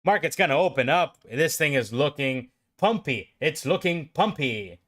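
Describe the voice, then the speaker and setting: A man giving live trading commentary on his own stream, talking to himself and his viewers and swinging from calm explaining to excited outbursts. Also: fairly high pitch, normal speed, hardly any pauses. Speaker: livestream day trader.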